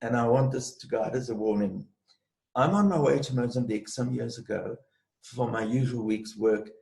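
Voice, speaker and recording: A man telling a personal story as a guest in an interview, in a measured storytelling way. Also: mid-range voice, creaky, a little mellow, roomy sound, rough recording. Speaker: guest, space clearer and healer.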